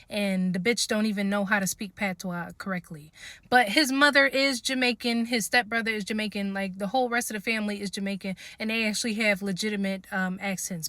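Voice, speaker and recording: Bright, chatty young woman telling a story. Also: fairly high pitch, dry recording, clean studio sound. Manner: profane, animated, chatty, laughs at own story. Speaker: storytime vlogger. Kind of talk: casual storytime vlog.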